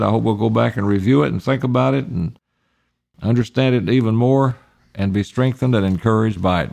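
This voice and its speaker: A man's voice: fairly low pitch, vocal fry, a little mellow. A man pastor reading Bible verses aloud and then explaining them in plain words for his congregation. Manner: reads scripture then paraphrases it plainly. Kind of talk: Bible study sermon.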